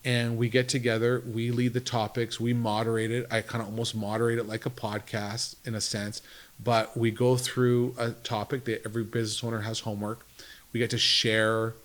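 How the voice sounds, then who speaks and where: Speaking at a moderate pace, a business owner with a medium-pitched, slightly bright voice and little pitch movement tells stories as a guest in a casual interview. He rambles, hops from thought to thought and acts out what others said.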